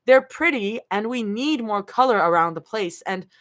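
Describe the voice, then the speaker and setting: A woman reading fan fiction aloud, voicing a defensive, prickly young woman in a raised, sharp tone. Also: medium pitch, lively intonation, moderate pace, no echo, clean studio sound, natural voice.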